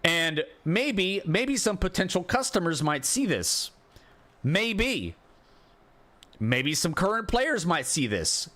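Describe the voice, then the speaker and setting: A man's voice: a little high, a bit bright. A man streaming live, ranting in frustration with rhetorical questions and swearing as he reacts to chat. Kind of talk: casual live-stream commentary.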